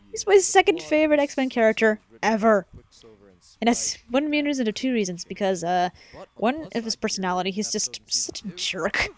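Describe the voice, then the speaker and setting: A young woman gives a rambling, casual commentary on her own fan-made series. She is chatty, often exasperated and laughs a lot. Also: mid-range voice.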